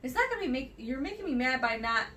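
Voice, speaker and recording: A woman's voice: high-pitched, big pitch swings, quick pace, bright, forceful tone. A young woman on a podcast, bluntly telling an anecdote with some swearing. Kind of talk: casual chat. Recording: far from the mic with faint noise.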